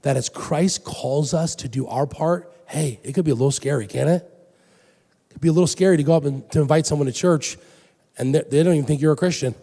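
Animated preacher with gravelly voice. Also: male voice, on the high side, brisk. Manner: animated, swings from loud emphatic to soft and hushed. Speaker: pastor. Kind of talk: sermon. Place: church sanctuary. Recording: long hall reverb.

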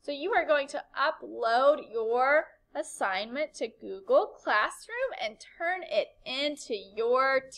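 A woman's voice: on the high side, a bit bright, poor audio. A woman teacher giving a recorded writing lesson to young children, upbeat and encouraging, asking the class questions.

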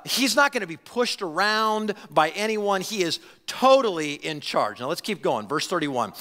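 A man preaching a conversational sermon as pastor, animated, with frequent restarts and repeated words. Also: sits high, normal speed, hardly any pauses. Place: church sanctuary. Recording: reverberant church hall.

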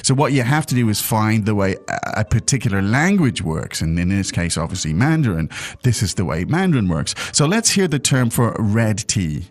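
A man hosting a language lesson in a relaxed, chatty way, with fillers and restarts. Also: fairly low pitch, moderate pace. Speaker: English-speaking host of a language lesson. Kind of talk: casual lesson chat.

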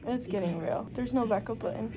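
A woman's voice: a little high, brisk, a crowd in the background. A nineteen-year-old woman vlogging in casual chat from a hospital room, giggly and rambling, with many filler likes.

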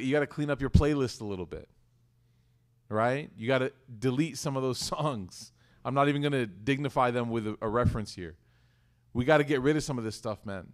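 A man giving a lively religious talk to a live audience, conversational and questioning the listeners directly. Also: medium pitch. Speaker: religious teacher.

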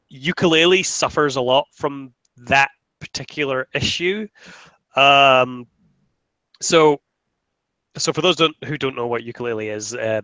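Young guy on a gaming podcast, bright dry voice, rambles and restarts a lot. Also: mid-range voice, dry recording, rough recording. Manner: rambling, many restarts and fillers. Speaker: podcast co-host. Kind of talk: casual gaming podcast chat.

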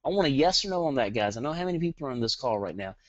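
A man's voice: mid-range voice, racing, no echo, lo-fi sound. Hyperactive Southern man on a webinar. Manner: energetic, hyperactive, fires rhetorical questions at the audience. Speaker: online marketing webinar presenter. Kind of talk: live webinar teaching.

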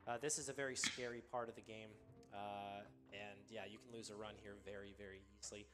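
A man commentating live on his own speedrun, explaining the game in a relaxed way with many ums and uhs. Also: on the low side, fairly quick. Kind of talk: live commentary while playing.

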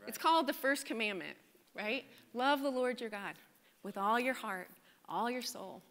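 A woman preaching a sermon at a church service, animated and conversational, often checking in with her listeners. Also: fairly high pitch, normal speed. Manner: animated, conversational, asks the congregation "right?". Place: church sanctuary. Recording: church hall reverb. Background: congregation responding.

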